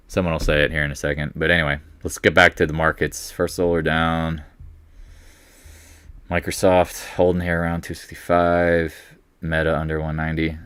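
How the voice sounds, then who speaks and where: A man hosting a live market commentary stream, chatting with viewers in a rambling way and breaking into excited outbursts when prices move. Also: sits low, no echo. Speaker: market commentary livestream host.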